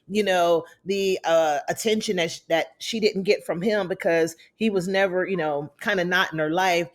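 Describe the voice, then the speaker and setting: A woman's voice: on the low side, fairly even intonation, moderate pace. A woman giving a casual, opinionated recap of a TV episode and talking straight to her viewers. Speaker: TV recap reviewer.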